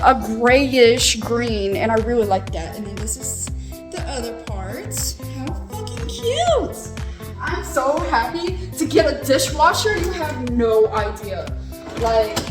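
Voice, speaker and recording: A young woman giving an excited, gushing tour of her new mobile home, filming on a handheld phone. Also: on the high side. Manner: gushing, excited, lots of fillers and swearing. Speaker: vlogger giving a house tour. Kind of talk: casual house tour narration.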